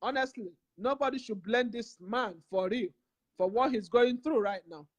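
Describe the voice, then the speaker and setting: A woman's voice: a little high, normal speed, no echo. A woman from Nigeria with a Nigerian English accent, making an impassioned, preachy vlog appeal full of repeated phrases. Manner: emphatic, repetitive, preachy. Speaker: community vlogger.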